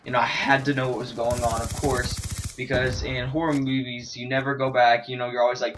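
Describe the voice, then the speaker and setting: A man's voice: medium pitch, brisk, slight background noise. Rambling man telling a dream story. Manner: hesitant, many fillers and restarts; animated, with vocal sound effects. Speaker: gaming commentator. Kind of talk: rambling storytelling over gameplay. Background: faint video game gunfire.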